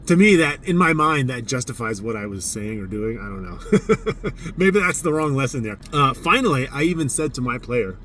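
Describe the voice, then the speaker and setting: A man's voice: medium pitch, normal speed, far from the mic, a little hiss or hum. A man, a judo coach, casually telling a story from a tournament in a candid, self-mocking way. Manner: candid, self-mocking, animated when recounting his outbursts.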